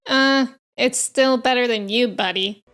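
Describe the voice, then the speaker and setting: A woman hosting a reaction video, giving expressive commentary, gushing as a fan who is quick to outrage and tears. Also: a little high, soft background music. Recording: show audio playing under her voice.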